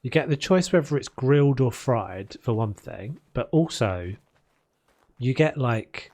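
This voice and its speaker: A man's voice: medium pitch, animated, a little slow, darkish tone. A man streaming a video game, chatting casually and rambling between topics as he builds. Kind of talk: casual chat while playing.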